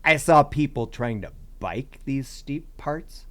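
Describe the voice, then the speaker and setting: A man talking as a guest on a hiking podcast. He rambles, restarts his sentences and keeps saying "you know". His voice sits at an everyday middle pitch. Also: lively intonation, takes it slowly, a bit bright. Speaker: podcast guest, long-distance hiker. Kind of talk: casual podcast chat.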